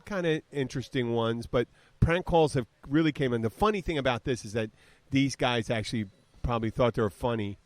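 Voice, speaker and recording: Brisk and with few pauses, this medium-pitched Southern podcast host in his fifties speaks with no echo. He meanders through tales in casual chat, mimicking the voices of those in them.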